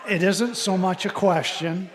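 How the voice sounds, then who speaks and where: Guy in the audience telling a long excited story, slightly high voice, crowd chatter behind. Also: a little slow. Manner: rambling, animated storytelling. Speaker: audience member asking a question. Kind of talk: live podcast chat with audience. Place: brewery with live audience. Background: crowd noise.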